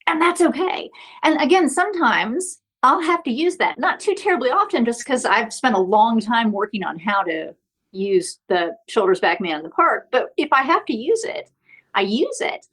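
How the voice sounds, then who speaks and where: A woman's voice: fairly high pitch, sing-song, moderate pace, a bit bright, husky. A middle-aged woman therapist, a podcast guest, explaining earnestly and often checking in with "right?". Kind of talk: podcast interview.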